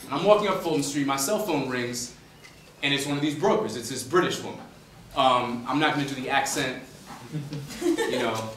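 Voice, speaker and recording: Animated man telling stories in an echoey classroom. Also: mid-range voice, moderate pace, slight background noise. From suburbs of Boston, US. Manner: animated, conversational, many fillers. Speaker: author speaking to a class. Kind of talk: humorous storytelling lecture. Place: university classroom. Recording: echoey room, distant mic, faint ambience.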